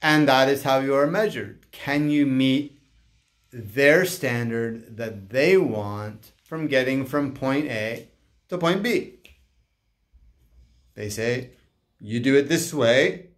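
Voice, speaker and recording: Man, life coach, slow unhurried delivery, halting restarts, casual talk to camera. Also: medium pitch. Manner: slow, halting, acts out dialogue in animated voices.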